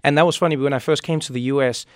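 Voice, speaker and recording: A man from Africa, a comedian giving thoughtful, animated interview answers in his thirties. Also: mid-range voice, rapid-fire, no room sound, clean studio sound. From South Africa. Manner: thoughtful, animated, frequent restarts. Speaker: comedian and talk show host as guest. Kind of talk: reflective conversational interview answers.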